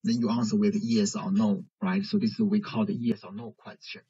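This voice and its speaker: A man teaching a language lesson in English, pausing often with fillers. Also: fairly low pitch, little pitch movement, mellow, breathy edge. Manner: hesitant, many pauses and fillers. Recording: dull lo-fi recording.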